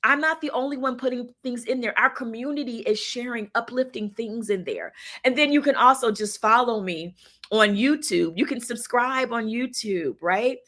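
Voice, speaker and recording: A woman's voice: on the high side, normal speed, a bit bright. A woman hosting a casual livestream, talking to her viewers in an encouraging, chatty way. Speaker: livestream host.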